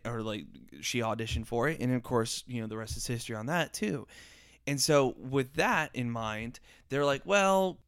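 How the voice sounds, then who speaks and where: Male co-host, mid pitch, smooth clear tone, dry close sound; loose, rambling casual talk. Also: no room sound. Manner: rambling, many fillers and restarts. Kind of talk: casual review chat.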